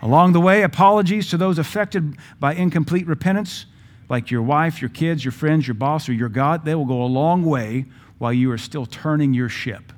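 A man preaching a sermon in a blunt, emphatic way, with sudden loud stresses, acting out the people he quotes. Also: on the high side, normal speed.

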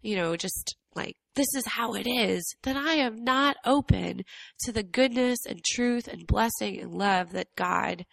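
With a medium-pitched, creaky voice and an unhurried pace, a young adult woman from Atlanta tells her story as a guest on a casual podcast. She is reflective and earnest, uses many fillers, and her voice cracks from allergies. No room sound is present.

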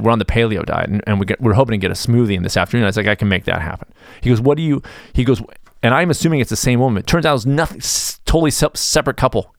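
Male podcast host, nutritionist, rapid, rambling exasperated monologue, dry sound. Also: medium pitch, dry recording. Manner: rambling, exasperated, many restarts. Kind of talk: casual monologue.

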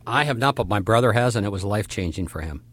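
Low-voiced male interview host. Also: animated, fast talker, fairly bright tone, no room sound. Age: 50s. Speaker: podcast host. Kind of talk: casual interview chat.

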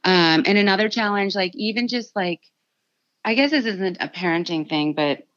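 A woman in her thirties, an anesthesia student and mother, telling stories on a podcast in a lively, animated way. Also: medium pitch, normal speed. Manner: animated storytelling, acts out her own quotes. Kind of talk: casual podcast chat. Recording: slightly dull dry podcast audio.

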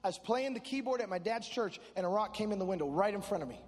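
A male preacher from Chicago giving a sermon, telling comic stories and rising into shouted preaching. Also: high-pitched, lively intonation, fast talker, big-room sound. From Chicago, USA.

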